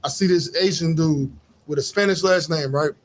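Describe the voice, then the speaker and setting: A man's voice: on the high side, moderate pace, background noise. A middle-aged man from Chicago, a podcast co-host, telling stories in casual chat and laughing as he goes. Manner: animated storyteller, laughs while telling stories.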